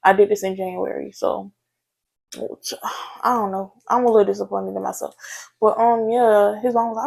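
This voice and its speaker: A young woman chats candidly through a storytime vlog and talks straight to her viewers. Her mid-pitched voice carries a gravelly, creaky edge. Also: flat delivery, fairly quick, darkish tone. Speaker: vlogger. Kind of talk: casual storytime chat.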